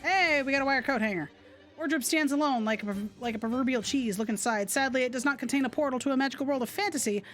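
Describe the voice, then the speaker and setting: A woman streaming a game live, reading along and reacting, quick to laugh and to yell in mock outrage. Her voice is high, with quiet game music in the background. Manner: excitable, laughs often, yells in mock outrage.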